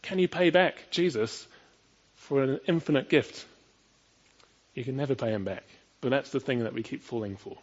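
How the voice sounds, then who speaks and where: A man's voice: mid-range voice, highs cut off. A man preaching a sermon, earnest and full of rhetorical questions, building to emphatic peaks.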